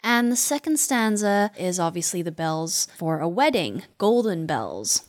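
A woman's voice: on the low side, lively intonation, moderate pace, no room sound, studio quality. A woman teaching a poem. She reads it aloud with rhythmic emphasis, lingering on repeated words, then explains its language. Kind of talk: dramatic poetry recitation and literary analysis.

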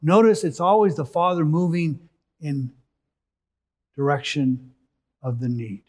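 A preacher with a voice a little high for a man delivers a sermon at a slow, deliberate pace. In expository style, he reads scripture and explains it, raising his voice for emphasis and then letting it drop softly.

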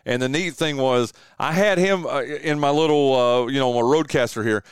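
A man's voice: mid-range voice, moderate pace, clean tone, no echo, clean studio sound. A man hosting a casual radio chat show, laid-back and calling his guest "dude" often.

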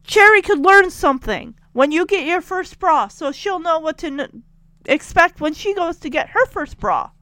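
Animated high-voiced woman recapping. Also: moderate pace, no echo. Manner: chatty, animated, exasperated asides. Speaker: tv episode recapper. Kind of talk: casual storytelling recap.

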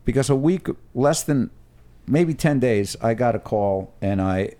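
A man's voice: mid-range voice, animated, unhurried, mellow. A man telling a story animatedly while chatting as a guest on a podcast recorded at home. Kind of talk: casual chat.

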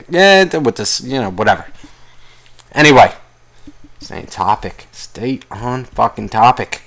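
A podcast host with an expressive, medium-pitched, fairly bright voice rants angrily alone on his own show at a moderate pace. His solo rant is rambling and heavy with profanity.

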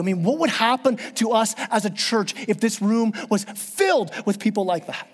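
A man's voice: high-pitched, animated, moderate pace, hardly any pauses, big-room sound. A man preaching a sermon as pastor, impassioned and repeating words as he builds his points. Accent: Southern American.

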